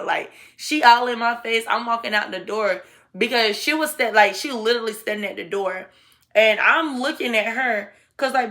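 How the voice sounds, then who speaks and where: A woman's voice: on the high side, normal speed, pushed and bright. A young woman telling a dramatic story to her viewers in a chatty, slangy, casual way. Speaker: storytime vlogger.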